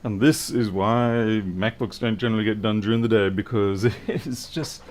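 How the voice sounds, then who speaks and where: A man's voice: lowish voice, steady tone, normal speed, darkish tone. A man thinking aloud and muttering to himself as he works through a live repair stream. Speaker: electronics repair technician.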